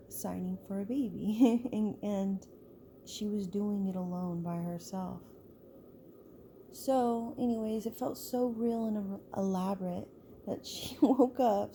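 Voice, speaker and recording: A woman talks through a story in a relaxed, conversational way, and her words spill out with fillers and false starts. Her voice is very dark and mellow and sits at an ordinary middle pitch. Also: a little hiss or hum. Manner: loose and chatty, full of "like" and restarts. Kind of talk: casual spoken storytelling.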